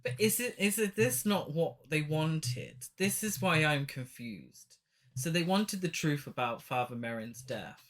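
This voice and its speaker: A podcast co-host in casual chat, talking haltingly with many restarts and making dry, deadpan remarks about a film. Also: medium pitch.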